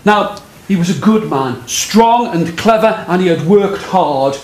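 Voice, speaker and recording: A middle-aged man telling a story live to an audience, animated and playful, drawing listeners in. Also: sits high, a little slow. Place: live performance venue with audience. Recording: echoey live room with crowd noise.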